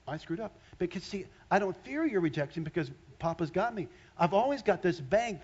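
A man's voice: a little high, muffled recording. Older man preaching, conversational and emphatic. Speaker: pastor. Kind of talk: sermon.

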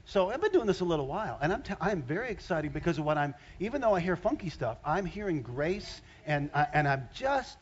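A man's voice: fairly high pitch, big pitch swings, brisk, hardly any pauses, muffled recording. An older man preaching a sermon in a conversational way, often rising into emphatic bursts. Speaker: pastor.

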